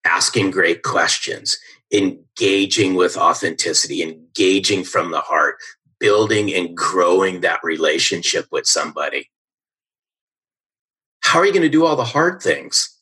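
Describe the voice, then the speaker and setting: Very husky deep-voiced man, bright tone. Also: unhurried, poor audio. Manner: energetic, emphatic, repeats "right?". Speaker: sales coach guest. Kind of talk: podcast interview storytelling.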